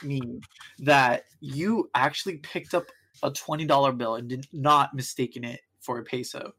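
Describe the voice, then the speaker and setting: A man's voice: medium pitch, fairly even intonation, moderate pace, pushed and bright. Dry, teasing young man. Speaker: podcast co-host. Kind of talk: casual chat.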